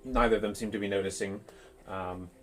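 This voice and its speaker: A low-voiced man runs a tabletop game as game master. He describes each scene slowly and haltingly, stopping often to search for the right words. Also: fairly even intonation, soft background music. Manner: halting, full of ums and uhs.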